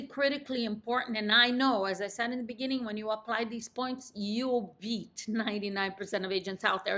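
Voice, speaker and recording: A woman coaching real estate agents in an emphatic, confident talk that drops in pitch at the end of each sentence. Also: fairly bright tone. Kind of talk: instructional talk to camera.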